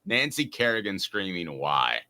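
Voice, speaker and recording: A man with a very low voice hosts a casual sports talk show. He swings widely in pitch and sounds bright and forceful, often restarting sentences as he works through a point. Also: big pitch swings, measured pace, clear, resonant tone. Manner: rambling, restarts mid-sentence.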